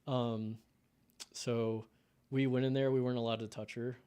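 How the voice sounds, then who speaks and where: A man's voice: mid-range voice, level tone, normal speed, warm tone, clean tone. A man in his thirties from the United States, telling an emotional personal story in a casual podcast conversation. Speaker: podcast guest.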